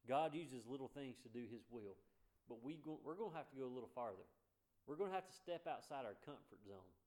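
A man preaching a sermon, with a repetitive rhythmic cadence. He swells to loud, emphatic peaks and then drops soft and slow. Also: medium pitch, lively intonation.

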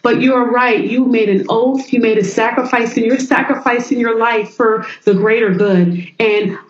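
A woman interviewing a guest, warm and encouraging, leaning on repetition for emphasis. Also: a little high, steady tone, moderate pace. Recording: roomy, muffled lo-fi audio.

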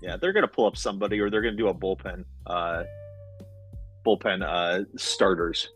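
A man's voice: deep voice, normal speed, a bit bright. A man co-hosting a casual sports betting chat, laid-back and chuckling often, with faint music underneath. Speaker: co-host.

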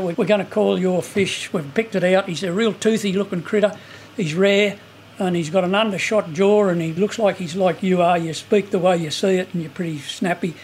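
An older man, bluntly telling earthy anecdotes in an interview. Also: sits high. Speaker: local landowner recalling the dig. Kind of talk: casual storytelling interview. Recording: faint background noise.

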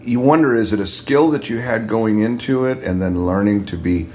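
A man with a deep radio voice, a guest in a casual podcast chat, who often repeats words as he starts a thought. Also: moderate pace, darkish tone, a little hiss or hum. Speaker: guest, makeup artist.

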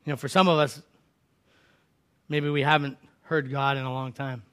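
A man preaching a conversational sermon as a pastor, swinging from loud, dramatic cries to hushed, low lines. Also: level tone, moderate pace, clean tone. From United States.

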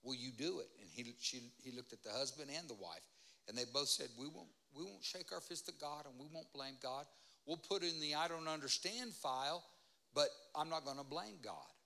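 Man preaching in church, kinda high voice, real bright and forceful, begging folks, asking for amens, goes loud then soft. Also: a little fast, creaky. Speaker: guest preacher. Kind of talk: sermon.

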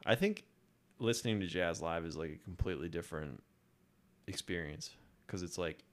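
A man's voice: low-pitched, normal speed. A man from Ohio hosting a podcast, chatting casually and jokily in a rambling way. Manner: jokey, rambling, playful. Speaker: podcast host. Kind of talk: casual chat. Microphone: podcast mic indoors.

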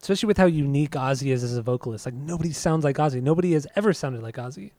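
A man talks fast in an easygoing, chatty way and keeps the talk on track. His voice sits in a middle range, and the sound is dry and close. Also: medium pitch, dark tone, no echo. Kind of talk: casual chat.

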